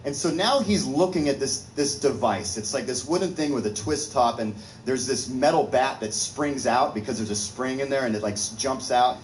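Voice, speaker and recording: Animated male comedian, echoey room. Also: mid-range voice, normal speed, few pauses, slight background noise. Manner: animated, laughs through his own story. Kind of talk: storytelling stand-up set.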